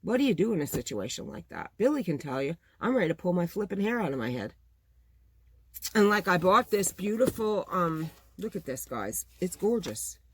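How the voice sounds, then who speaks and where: A woman's voice: fairly low pitch, very animated, moderate pace, a little hiss or hum. A middle-aged woman chatting casually to her viewers, venting in an exasperated, talkative way about running her small business. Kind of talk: casual chat to camera.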